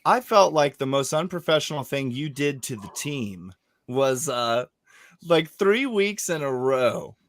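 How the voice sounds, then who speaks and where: A man hosting a podcast, telling stories in animated casual chat and swearing often. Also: medium pitch, measured pace, dry recording. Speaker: podcast host.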